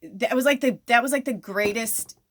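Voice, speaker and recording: A woman's voice: on the high side, normal speed, fairly bright tone. A woman in her thirties hosting a casual spiritual talk, rambling and chatty, swearing freely and laughing often. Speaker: podcast host.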